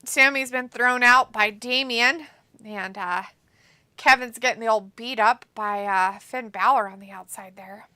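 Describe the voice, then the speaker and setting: A woman hosting a wrestling watch-along, commenting excitedly and joking as she mimics the wrestlers. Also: a little high, unhurried, no echo. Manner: excitable, jokey, mimics wrestlers in silly voices.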